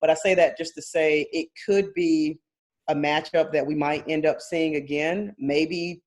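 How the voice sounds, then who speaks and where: A woman's voice: sits low, fairly even intonation, unhurried, darkish tone. A woman co-hosting a casual sports podcast, talking in long rambling turns, hedging often and laughing between thoughts. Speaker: podcast co-host.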